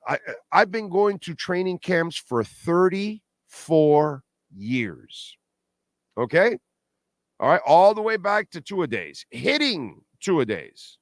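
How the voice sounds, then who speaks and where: A middle-aged man hosting a postgame sports talk livestream, animated and blunt, repeating points for emphasis. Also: fairly high pitch, unhurried, no room sound, clean studio sound. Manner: blunt and salty, pleads with viewers. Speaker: sports talk show host.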